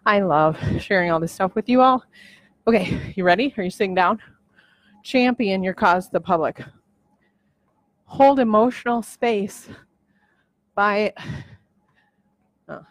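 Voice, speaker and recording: A woman's voice: medium pitch, dry recording. A woman hosting her own podcast, talking through a list in a casual, emotional, rambling way with lots of restarts. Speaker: podcast host. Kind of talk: casual vlog monologue. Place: at home on a treadmill.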